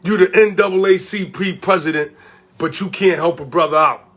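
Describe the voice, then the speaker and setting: Speaking at a normal pace with a slightly bright tone, this notably high-voiced man from Connecticut launches a confrontational vlog rant straight to the camera. Swearing liberally and repeating pointed questions, he comes across like a community organizer calling people out.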